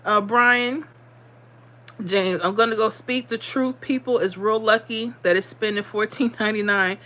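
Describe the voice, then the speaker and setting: Lady chatting on her livestream, blunt and pep-talky, mid pitch, repeats stuff a lot. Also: fairly even intonation, normal speed, bright, forceful tone. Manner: blunt, motivational, talks straight to viewers; repeats herself, drops into dialect. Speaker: livestream host. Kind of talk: casual livestream chat.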